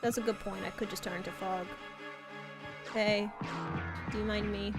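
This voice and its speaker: A woman from Australia chatting casually while streaming a game, playful and quick to laugh. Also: medium pitch. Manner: animated, laughs often, playful. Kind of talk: casual gaming stream chat. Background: game music.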